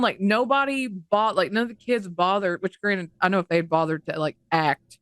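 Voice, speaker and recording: A woman's voice: mid-range voice, normal speed, hardly any pauses, fairly bright tone, no echo. Indignant, foul-mouthed woman podcaster. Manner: indignant, swears freely, rambling. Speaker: podcast co-host. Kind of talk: casual chat.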